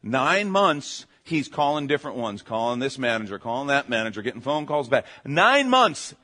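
A man preaching a conversational sermon. He tells stories in an animated way, restarts his phrases and keeps checking in with his listeners. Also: medium pitch, normal speed. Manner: self-interrupting, restarts phrases. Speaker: pastor.

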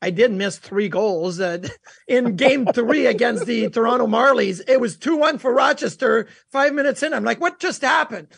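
High, gravelly-voiced radio co-host man. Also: normal speed, fairly bright tone, dry recording. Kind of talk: casual sports radio talk.

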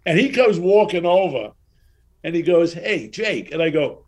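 This interview guest is a man in his sixties who spins stories in a relaxed, lively manner, voicing the characters himself. He talks at an ordinary pace in a slightly high voice.

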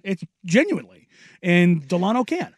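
Guy chatting sports on a podcast, kinda high voice, chill, dry close sound. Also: sing-song, moderate pace, slightly rough, no room sound. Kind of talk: casual sports chat.

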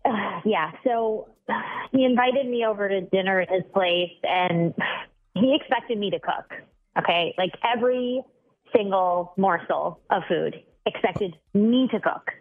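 A woman's voice: medium pitch, unhurried, slight background noise. A young woman calling in to a radio show, complaining in an exasperated, sarcastic way. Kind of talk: phone call on morning radio. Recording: tinny phone line.

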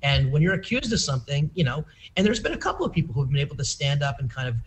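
A man's voice: fairly high pitch, very animated, fast talker, slight background noise. A man hosting a podcast, chatting casually and asking his guest questions. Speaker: podcast host.

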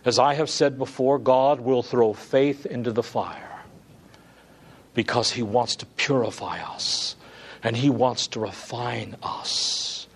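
A man preaching a sermon as pastor in a church, moving from quiet, drawn-out words to loud, high, pleading calls. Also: breathy edge.

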